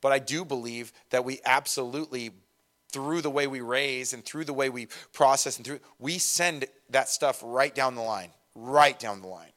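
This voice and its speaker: A middle-aged man delivers a sermon in an easy, conversational manner, pitched at an ordinary middle height for a man. He mixes scripture with candid, self-deprecating asides and keeps the delivery lively. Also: moderate pace. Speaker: pastor.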